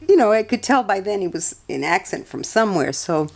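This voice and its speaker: A woman telling a rambling personal story in a soft voice, meandering, correcting herself and often laughing. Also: medium pitch, expressive, fairly quick, vocal fry. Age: adult. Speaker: vlogger.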